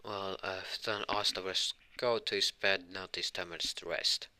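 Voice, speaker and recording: A man's voice: deep voice, steady tone, bright, forceful tone. Young man rambling through a story. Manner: rambling, halting, many fillers. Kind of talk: improvised fan story narration.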